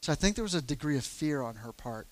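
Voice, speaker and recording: A man's voice: fairly high pitch, expressive, fast talker. A middle-aged man and church elder telling a personal story in casual talk, candid and self-deprecating, with many fillers.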